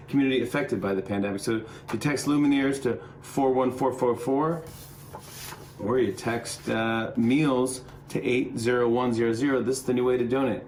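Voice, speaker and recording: A man's voice: mid-range voice, a little mellow, slight background noise. A middle-aged man hosting a talk show from home, delivering a joking comedy monologue with an upbeat, rambling manner.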